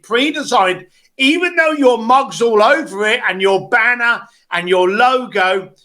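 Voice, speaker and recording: Brief: high, bright-voiced male coach, blunt and animated, video call. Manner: blunt, animated, acts out quotes. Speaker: business coach.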